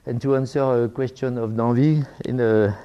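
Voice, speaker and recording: A man's voice: mid-range voice, fairly even intonation, mellow, clean tone, lo-fi sound. An older French man giving an academic talk in English, with many fillers and restarts. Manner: halting, with frequent fillers and restarts. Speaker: lecturer.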